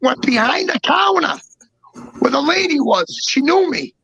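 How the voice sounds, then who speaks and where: A man telling a long story as a guest in casual talk, halting and restarting often, and swearing freely. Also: extremely high pitch, lively intonation, creaky, bright, forceful tone, dry recording, dull audio. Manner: halting, with many restarts and repeats.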